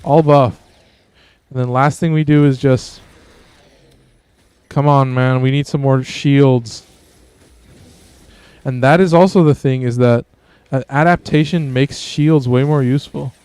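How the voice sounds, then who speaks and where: A man hosting a game stream, chatting in a laid-back way with bursts of excitement. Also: mid-range voice, measured pace, long pauses, clean tone, no echo. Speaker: streamer host. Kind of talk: gameplay commentary.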